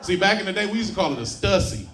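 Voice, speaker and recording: He talks very fast, his high voice swinging widely in pitch, as he does a brash, profane stand-up set on a comedy club stage. The live crowd in the roomy club laughs loudly, and he often laughs at his own jokes too.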